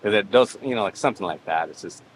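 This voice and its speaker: A man's voice: on the low side, animated, fast, poor audio. A man chatting casually as a podcast guest, rambling through a story and acting out the voices of others. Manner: rambling, acts out quoted voices. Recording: background noise.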